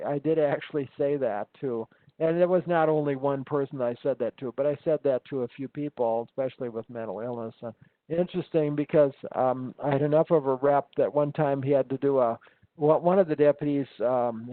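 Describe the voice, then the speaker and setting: A man's voice: mid-range voice, fairly quick, no room sound. A man, an instructor, telling stories in a casual conversation, rambling with many ums and restarts. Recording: tinny phone-like line.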